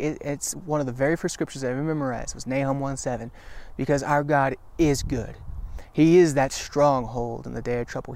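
Addressing the camera, a male Christian teacher gives a sincere, uplifting devotional talk in an ordinary mid-pitch voice that's a little mellow. His delivery is halting, with frequent restarts, and he relies on repetition for emphasis.

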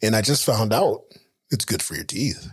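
A middle-aged man hosting a casual podcast, talking in animated stories full of swearing and sound mimicry. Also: on the low side, normal speed, husky. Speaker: podcast host. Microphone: studio headphones and mic.

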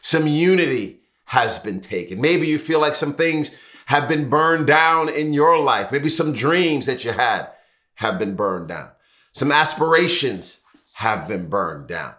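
Bright-voiced male pastor preaching. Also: a little high, expressive. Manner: repetitive preaching cadence, rhetorical questions, drawn-out emphasis. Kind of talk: sermon.

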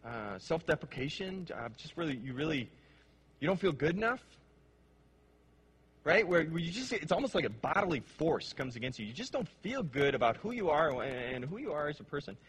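A male pastor preaching a sermon with passion, dropping to hushed, slow phrases and then rising to emphatic ones. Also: a little high, big pitch swings, a little hiss or hum. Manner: impassioned, swings between hushed and emphatic.

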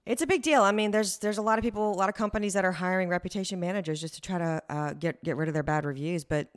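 A woman hosting a casual conversation, chiming in with quick, agreeable remarks. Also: fairly low pitch.

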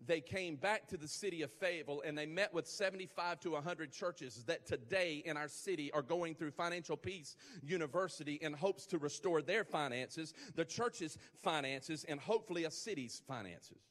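Male pastor, emphatic preacher, high voice, long hall reverb. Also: moderate pace, few pauses, a bit bright. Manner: emphatic, repetitive build-ups, rising intensity. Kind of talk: sermon.

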